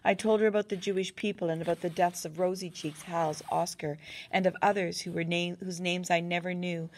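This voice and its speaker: A woman narrating a first-person novel in a measured, even way. Her voice is on the low side, and a gravelly fry runs through it. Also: a little hiss or hum. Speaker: audiobook narrator.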